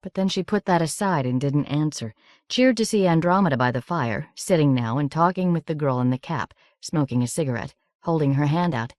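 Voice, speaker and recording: A woman narrating an audiobook in a measured, steady reading. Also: deep voice, dry recording, clean studio sound.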